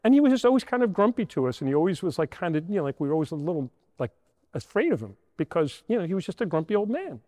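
High, lively older man giving a homily. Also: fast, no room sound, big-room sound. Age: 60s. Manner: storytelling, asks rhetorical questions. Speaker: priest. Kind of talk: homily to children. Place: church.

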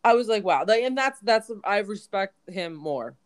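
A woman's voice: mid-range voice, lively intonation, normal speed. A woman co-hosting a podcast, telling a story in casual chat, full of "like" fillers. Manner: chatty storyteller, many "like" fillers. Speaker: podcast co-host.

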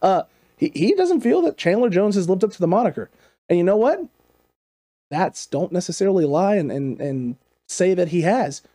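A man hosting a casual football analysis show, talking in an animated way with repeated emphatic phrases. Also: high-pitched, normal speed. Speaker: sports show host.

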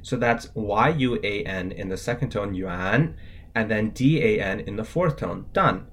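A man's voice: lowish voice, normal speed, slight background noise. A man co-hosting a scripted language lesson, spelling out words letter by letter with their tones in a casual, upbeat way.

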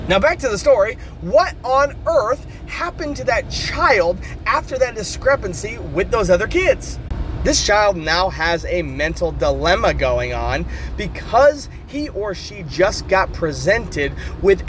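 Coach guy with a high voice that swings all over, explaining stuff and acting out bits, faint traffic outside. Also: fairly bright tone. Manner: explanatory, acts out little quoted scenes. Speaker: coach and podcast host. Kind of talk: motivational talk.

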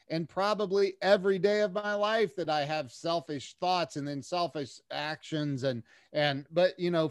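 Male podcast guest, lively storyteller who stumbles over repeated words, dry close-mic sound. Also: fairly high pitch, no room sound. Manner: animated, many restarts and repeated words. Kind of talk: casual storytelling interview.

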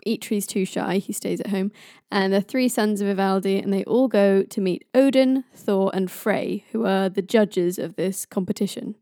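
A woman's voice: mid-range voice, moderate pace, hardly any pauses, mellow, dry recording, clean studio sound. A woman retelling a myth in a chatty, playful way, who jokes about stumbling over hard names. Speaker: storyteller. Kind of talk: casual myth storytelling.

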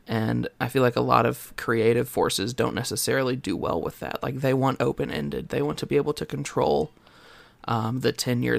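Gravelly-voiced male podcast co-host. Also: mid-range voice, no echo. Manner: thoughtful, explains at length, teasing. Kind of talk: casual podcast chat.

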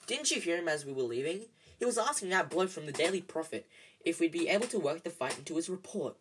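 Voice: medium pitch, lively intonation, quick pace, fairly bright tone, a little hiss or hum, close to an everyday voice. A reader voicing a mischievous teenage boy who chatters breezily in a storybook reading. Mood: cheeky.

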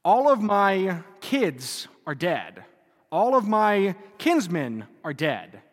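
A man's voice: sits high, sing-song, slow pace, long reverb tail, heavily acted. A priest putting on a worn-out biblical man fed up with God. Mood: exasperated. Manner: incredulous, sarcastic complaint.

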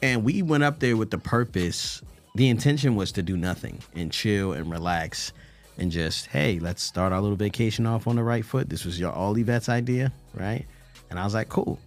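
A man's voice: lowish voice, normal speed, faint music behind. A man from California co-hosting a podcast, talking in a laid-back way with casual slang. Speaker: podcast co-host. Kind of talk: casual chat.

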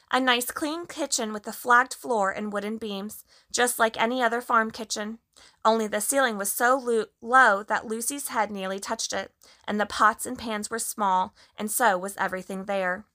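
A woman narrating a children's storybook in a gentle, measured way. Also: a little high, fairly even intonation. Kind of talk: storybook reading.

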